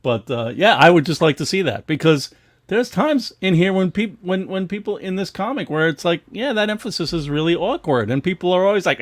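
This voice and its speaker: A man's voice: sits high, animated, brisk, no echo. A middle-aged man co-hosting a casual livestream about comic art, rambling with many restarts and laughing often. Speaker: co-host of a comics history show.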